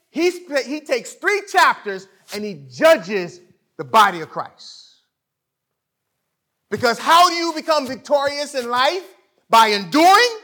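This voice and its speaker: A man preaching a sermon in an emphatic, conversational way, swinging from loud to quiet. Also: extremely high pitch. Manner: conversational, illustrates with sports stories.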